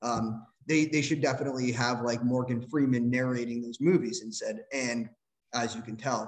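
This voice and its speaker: A young man hosting a podcast, teasing his guest in a dry deadpan way. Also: medium pitch, moderate pace, poor audio. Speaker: podcast host. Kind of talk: casual podcast banter.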